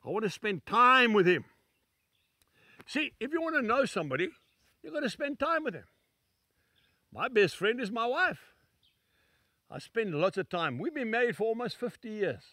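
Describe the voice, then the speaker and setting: Older man preaching with lively high pitch. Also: moderate pace, pauses often, no room sound, clean studio sound. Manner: emphatic, folksy preaching with repeated phrases. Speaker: evangelist. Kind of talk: sermon to camera. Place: small studio set.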